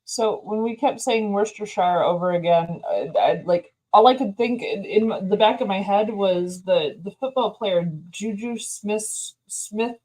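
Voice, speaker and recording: A woman chatting casually with friends, playful and quick to laugh. Her voice sits at an ordinary middle pitch. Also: mellow, poor audio. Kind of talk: casual chat.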